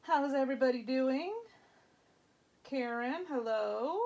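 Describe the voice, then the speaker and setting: Woman, middle-aged, craft livestream host, casual and chatty, slightly out of breath, fairly high voice. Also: takes it slowly, darkish tone, muffled recording. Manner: chatty, greets viewers by name. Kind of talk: casual live craft demo.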